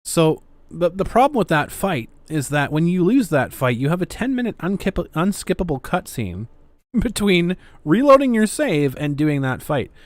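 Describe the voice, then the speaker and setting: A man's voice: a little high, big pitch swings, moderate pace, no room sound. A man hosting a casual livestream, reading viewer messages aloud with sarcastic, swearing commentary. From Canada. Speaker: livestream host.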